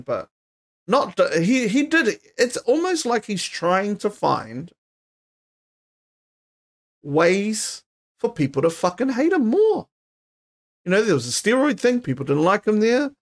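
A young man hosting a casual solo podcast, ranting heatedly in slangy, swear-filled talk. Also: fairly high pitch. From New Zealand. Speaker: podcast host.

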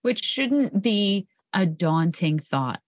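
A woman's voice: mid-range voice, very animated, slow, no echo, studio quality. A woman co-hosting a podcast about recovery, talking candidly in casual chat, swearing freely and laughing often. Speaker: podcast co-host.

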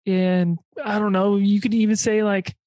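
A young woman hosting a podcast in a casual chat, rambling and halting with many fillers and restarts. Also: medium pitch, little pitch movement, warm tone, dry recording. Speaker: podcast host.

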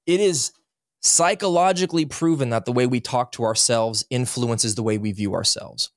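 Earnest man, animated storyteller. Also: medium pitch, fairly quick, no room sound, studio quality. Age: 30s. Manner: earnest, animated, acts out quotes. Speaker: podcast guest, author. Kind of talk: candid interview storytelling.

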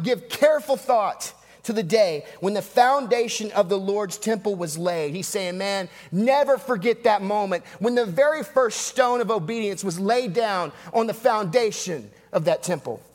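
A man delivers a sermon in a high voice, driving his points home through repetition and rhetorical asides. His words ring out with the long reverb of a large hall. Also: lively intonation. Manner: emphatic, repetitive preaching with dramatic pauses and asides. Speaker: pastor.

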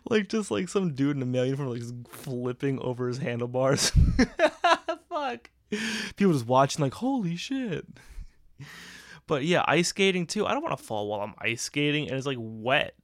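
A man's voice: medium pitch, very animated, normal speed, dry recording, studio quality. A man hosting a casual solo podcast, rambling and swearing freely, often breaking into laughter. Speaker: podcast host.

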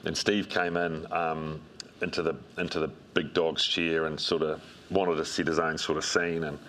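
A middle-aged man, a coach telling relaxed anecdotes in an interview, with plenty of ums and restarts. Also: extremely low pitch, moderate pace. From New Zealand. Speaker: strength and conditioning coach, guest. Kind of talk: interview storytelling.

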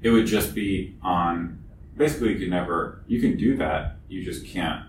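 A man's voice: deep voice, moderate pace. A man in a casual technical chat who thinks aloud and restarts his sentences mid-thought. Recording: echoey room, distant mic, background noise.

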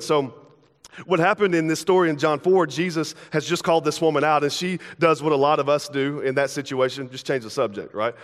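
Brief: young man, pastor preaching, slightly high voice, long hall reverb, casual and playful. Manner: casual, playful, acts out everyday dialogue in quick asides. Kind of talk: sermon. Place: church sanctuary.

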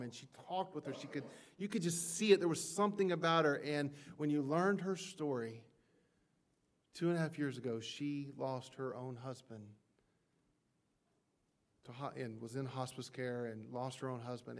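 A middle-aged male pastor giving a sermon, moving from soft, hushed passages to loud, impassioned climaxes. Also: mid-range voice.

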